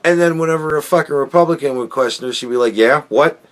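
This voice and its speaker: A man's voice: fairly high pitch, very fast, slight background noise. A man hosting a podcast, talking in a rambling, profane opinion monologue full of restarts. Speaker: podcast host.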